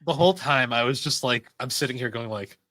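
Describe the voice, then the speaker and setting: A man's voice: mid-range voice, quick pace, sharp tone, no room sound. A man co-hosting a podcast, chatting casually and retelling scenes with quoted lines. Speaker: podcast co-host. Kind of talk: casual chat.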